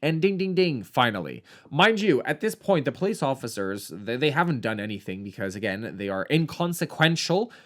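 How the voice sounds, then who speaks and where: Casual male film reviewer, mid voice, snarky, quick to laugh. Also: medium pitch, sing-song. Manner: sarcastic, swears, laughs often.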